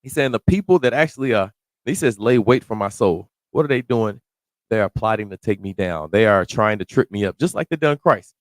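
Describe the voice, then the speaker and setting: A man preaching through a psalm verse by verse, close to the mic in a dry, deadened space. He reads the old scripture slowly and deliberately, then breaks it down in loose, slangy everyday talk that sometimes climbs to a shout. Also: lowish voice, expressive, no echo. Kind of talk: verse-by-verse sermon.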